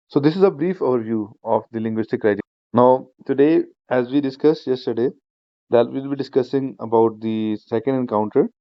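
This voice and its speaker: A man leads an online speaking-skills lesson in a voice of ordinary pitch, going through points step by step and repeating them. He leans on "you know" and "uh" as he explains. The sound is dry and a little dull, like a typical video-class mic. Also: no room sound. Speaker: speaking exam teacher. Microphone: shared screen video class.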